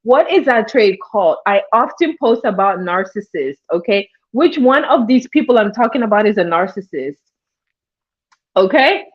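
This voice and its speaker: Through dull lo-fi stream audio comes a woman's expressive, medium-pitched voice at a moderate pace. Hosting a livestream, she gives casual, chatty commentary and calls out viewers by name.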